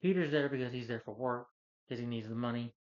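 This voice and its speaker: A man's voice: medium pitch, fast talker, lo-fi sound. A man giving a casual film review, retelling the plot in a rambling way with lots of fillers.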